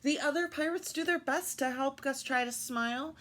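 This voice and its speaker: A woman reading picture books aloud at story time, expressive and adding little asides to her listeners. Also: sits high, moderate pace, few pauses, slight background noise.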